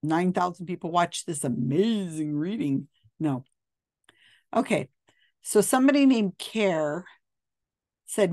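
A woman's voice: on the low side, lively intonation, slow, pauses often, darkish tone, dry recording, clean studio sound. Blunt skeptical woman commentator. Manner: skeptical, blunt, with frequent ums and restarts. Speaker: commentator reviewing psychic videos. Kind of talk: casual video commentary.

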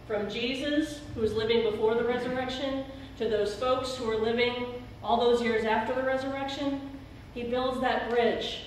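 A woman's voice: a little high, slight background noise. Woman pastor, middle-aged, earnest emphatic sermon, heavy church echo, distant mic. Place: church sanctuary. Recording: very echoey church hall, speaker far from mic.

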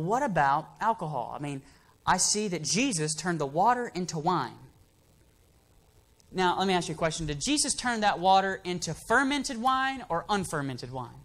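A man's voice: sits high, fairly bright tone. Man preaching an emphatic sermon. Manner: emphatic, asks the congregation for amens. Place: church.

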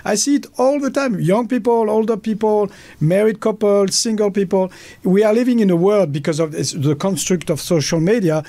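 Emphatic French-accented man, higher voice. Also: mellow, no room sound. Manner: emphatic, blunt, acts out quoted voices. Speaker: guest. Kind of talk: passionate conversation.

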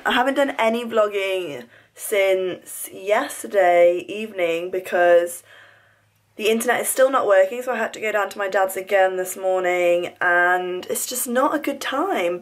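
Holding the camera herself, a young woman in her twenties vlogs casually at a measured pace and mid-range pitch. She comes across as chatty and bubbly, though she sighs in frustration at times.

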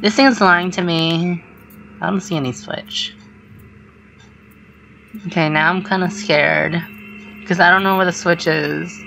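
A woman commenting on her own gameplay, excitable and swearing, with startled shrieks. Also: on the low side, takes it slowly, creaky, long pauses, slight background noise, low-quality recording. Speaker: gamer. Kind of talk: let's play commentary.

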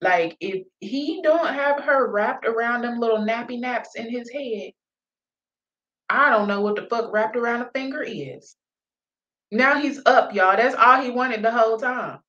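A woman's voice: a little high, a little slow, a bit bright, muffled recording. A woman giving casual reaction commentary on a video, blunt and profane, laughing often.

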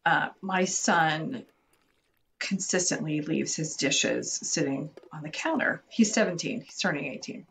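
A woman's voice: deep voice, measured pace, gravelly, fairly bright tone, slight background noise. A woman in her forties, a podcast co-host, telling a story about herself casually and poking fun at her own mistakes. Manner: self-deprecating storyteller, tells on herself. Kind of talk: casual parenting chat.

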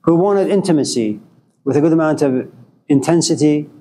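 A man giving a storytelling lecture to a class, wry and joking, in an unhurried way. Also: fairly high pitch, expressive, mellow, a little hiss or hum. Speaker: philosophy lecturer.

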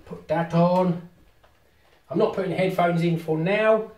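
A man, vlogging casually as he sets up VR at home and talks to himself excitedly. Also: high voice, a little slow, recorded from a distance. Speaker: tech vlogger. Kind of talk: casual vlog commentary while setting up VR. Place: house with rooms on two floors. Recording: roomy home room, voice often off-mic.

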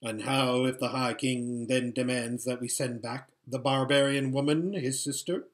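A man voicing a shrewd old male emperor who speaks in a dry, measured, sardonic way. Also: mid-range voice, steady tone, natural voice.

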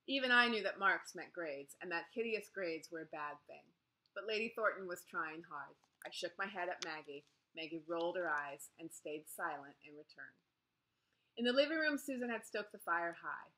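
Female audiobook narrator; bright, clear, steady first-person storytelling. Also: lowish voice, moderate pace.

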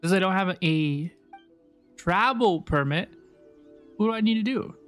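A man's voice: sits high, lively intonation, a little slow, clear, resonant tone, soft background music. A young man streaming a game, talking casually to his chat in a rambling, repetitive way. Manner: rambling, chatty, repeats himself. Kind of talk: casual live game commentary.

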